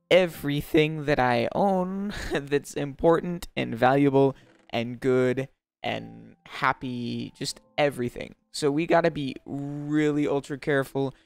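A young gamer narrating a let's-play at a desk mic in a mid-pitched voice, laughing a lot and playing up every danger for drama. The sound is close and dry with faint game music underneath. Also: creaky, smooth, no echo. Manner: jokey and melodramatic, laughs a lot; rises into panicked shrieks when startled. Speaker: Minecraft let's-play host. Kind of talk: gameplay commentary.

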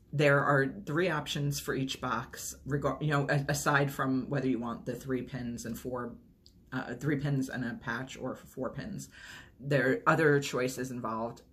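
A woman's voice: rumbling low, fairly even intonation, measured pace. A woman chatting casually through an unboxing video, rambling and gushing over each item. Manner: enthusiastic, gushing. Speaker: unboxing vlogger.

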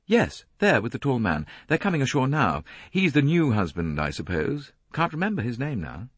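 A man's voice: mid-range voice, wildly swooping pitch, moderate pace, husky, dry recording, voice pushed up. A man reading aloud and voicing a casual, disparaging young man with an offhand delivery. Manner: offhand, drawling.

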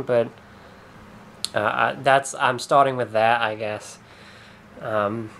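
A young man with a somewhat high voice rambles through a vlog monologue. He hesitates, swears a lot, and keeps trailing off mid-sentence before starting again. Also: fairly bright tone. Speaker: YouTuber.

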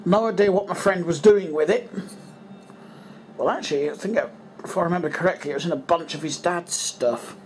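A man's voice: a little high, a little fast, slight background noise. An English man vlogging at home in his bedroom, rambling and muttering to himself in casual running commentary as he tidies up, often trailing off mid-thought. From England.

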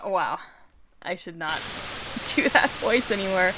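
A woman hosting a horror game let's play, reacting excitably with exclamations and swearing. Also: on the low side, slow, long pauses, a little hiss or hum. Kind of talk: gameplay commentary and reading game text aloud.

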